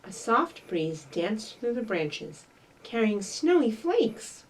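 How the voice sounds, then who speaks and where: A woman librarian leading a children's story time, reading and singing in a bright, sing-song manner. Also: on the high side, very animated, slow, distant mic, rough recording.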